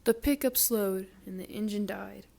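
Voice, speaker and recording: A woman reading a children's picture book aloud, with slow, careful storytelling. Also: mid-range voice, gravelly, mellow. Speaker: storybook reader.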